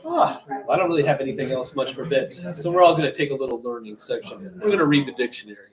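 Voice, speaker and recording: A young man streaming, chatting and reading aloud with wry, deadpan commentary. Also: mid-range voice, quick pace. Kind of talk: casual live-stream chat. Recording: echoey room with crowd noise.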